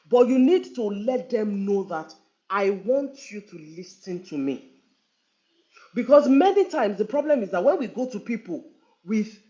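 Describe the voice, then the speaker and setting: Woman, earnest, repeats herself for emphasis, muffled lo-fi stream sound. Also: mid-range voice. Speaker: relationship speaker. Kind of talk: live online talk. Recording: dull lo-fi online stream.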